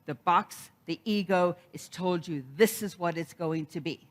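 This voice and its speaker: A woman's voice: lowish voice, a little slow. A middle-aged woman giving a sermon, telling a personal story and acting out the quoted voices. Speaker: minister.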